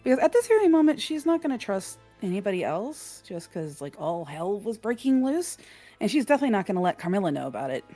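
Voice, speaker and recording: A woman's voice: mid-range voice, big pitch swings, fast, mellow, faint music behind. A woman playing a tabletop role-playing game, chatting and describing her character's actions in the third person. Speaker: player.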